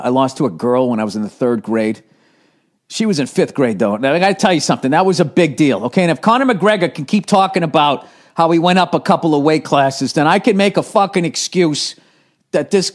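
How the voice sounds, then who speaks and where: A man in his forties, a comedian telling rambling, profane, self-mocking stories in casual conversation. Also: on the high side. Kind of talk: conversational storytelling.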